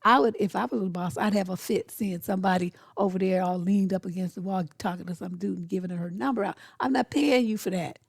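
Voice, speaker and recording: A woman's voice: fairly low pitch, fairly even intonation, vocal fry, dry recording, studio quality. A middle-aged woman relationship coach, giving blunt, sassy dating advice in a casual monologue and acting out short exchanges. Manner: blunt, sassy, acts out quick dialogues.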